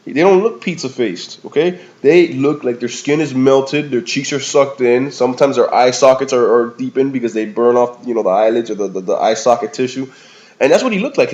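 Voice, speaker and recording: A man talks through a movie review in a loose, rambling way, full of slang and "man" and "bro". His voice sits at an average pitch. The recording is a bit dull and lo-fi. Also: a little mellow.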